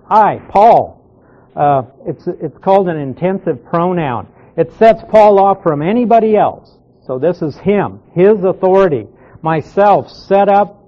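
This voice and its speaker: A pastor teaching a Bible class, explaining verses slowly and repeating key words for emphasis. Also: male voice, a little high. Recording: dull lo-fi sound.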